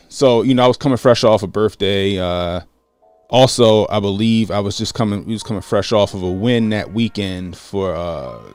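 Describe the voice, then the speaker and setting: A man in his late thirties from Baltimore, hosting a casual livestream, greeting chat viewers and telling a story with lively acted-out quotes. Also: fairly low pitch, normal speed, smooth, soft background music. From Baltimore, USA. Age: 30s. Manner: animated, acts out quotes, greets chat by name. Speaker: livestream host.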